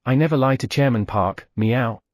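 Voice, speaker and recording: A man's voice: medium pitch, moderate pace, dry recording, clean studio sound, natural voice. A male narrator voicing a boastful male cat who tacks a meow onto his lines.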